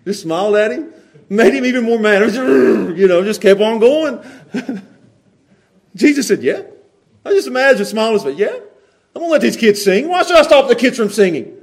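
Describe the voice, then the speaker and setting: A man preaching a sermon, animated, moving between quiet asides and loud, laughing bursts. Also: fairly high pitch. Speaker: pastor.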